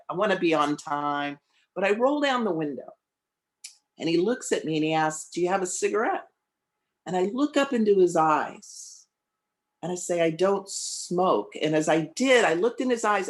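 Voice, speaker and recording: A man's voice: high voice, a bit bright. Man giving a heartfelt storytelling sermon. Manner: heartfelt storytelling with slow emphatic pauses. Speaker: guest speaker.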